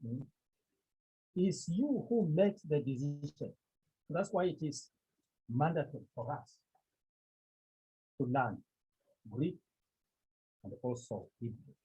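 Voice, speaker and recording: A man with a Cameroonian accent teaching a Greek class, speaking slowly and deliberately, often checking with his students. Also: fairly high pitch, animated, dark tone, breathy edge. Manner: slow, deliberate, repeats key points and checks with "Okay?". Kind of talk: classroom lecture. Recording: tinny phone-like line.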